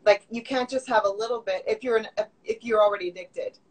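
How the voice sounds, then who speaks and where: A woman's voice: a little high, a little fast, rough recording. A woman from Canada hosting a livestream chat show, talking casually and laughing often on a video call. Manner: chatty and laughing, with many "like"s. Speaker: host.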